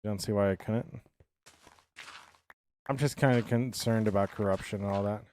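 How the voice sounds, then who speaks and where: A man's voice: on the low side, fairly even intonation, moderate pace, a little mellow, a little hiss or hum. A young man streaming live, chatting casually with viewers and thinking aloud in a loose, rambling way that often trails off.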